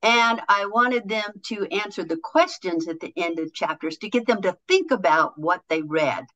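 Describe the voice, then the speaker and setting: A woman guest on a podcast, a motivational speaker and author, telling stories in an animated way and acting out quoted voices. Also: mid-range voice, moderate pace, low-quality recording. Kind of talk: conversational podcast interview.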